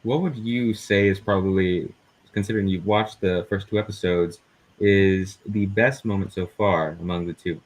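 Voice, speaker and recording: A man's voice: sits low, steady tone, moderate pace. A man hosting a casual interview, asking long, winding questions. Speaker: host.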